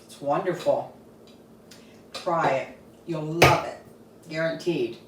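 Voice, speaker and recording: A homey woman cooks and chats at a slow, easy pace, with a slightly low voice. She sounds a little away from the mic in an echoey home kitchen, with faint clatter of dishes and pans behind her. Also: far from the mic, heavy background noise. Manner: homey, chatty, tastes food while talking. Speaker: home cook showing a family recipe. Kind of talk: casual cooking video chat.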